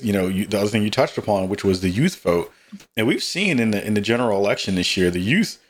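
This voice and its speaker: A man hosting a podcast interview, earnest, asking long winding questions with fillers. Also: on the low side. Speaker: podcast host. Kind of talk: casual interview.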